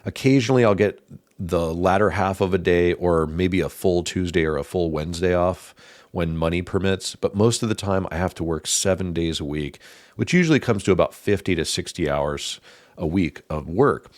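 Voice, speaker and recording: A man hosting his own podcast, talking in a calm, thoughtful, casual way with pauses. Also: deep voice, no echo, studio quality. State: slightly out of breath. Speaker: podcast host. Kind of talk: casual reflective monologue.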